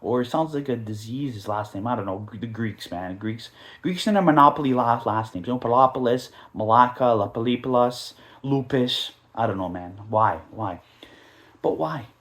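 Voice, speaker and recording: A man hosting a casual soccer podcast, talking in an animated, mocking, rambling way, full of asides and mimicked quotes. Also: medium pitch, normal speed. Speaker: podcast host.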